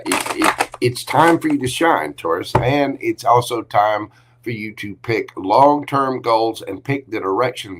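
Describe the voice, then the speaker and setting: A man with a fairly low voice reads tarot cards on a casual livestream. He talks in a chatty, affectionate way and calls his viewers by pet names. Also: background noise. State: briefly coughing and choked up. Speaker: tarot reader hosting a livestream.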